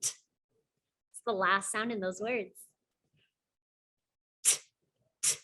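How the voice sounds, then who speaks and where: A woman teaching young children a phonics lesson, slowly sounding out letters and praising often. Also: medium pitch, steady tone, bright, forceful tone.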